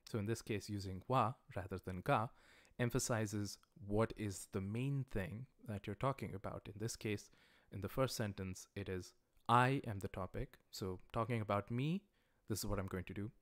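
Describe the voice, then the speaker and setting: A man teaching a livestreamed language class, explaining grammar patiently and repeating example sentences slowly. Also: fairly low pitch, no echo, clean studio sound. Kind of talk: livestreamed lecture.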